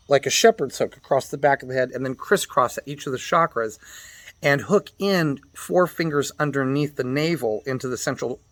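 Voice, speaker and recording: A man teaching mantra practice, patiently explaining and spelling out pronunciations, chanting the syllables slowly, with loose fillers and restarts. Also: medium pitch, a bit bright, no echo. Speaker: meditation teacher.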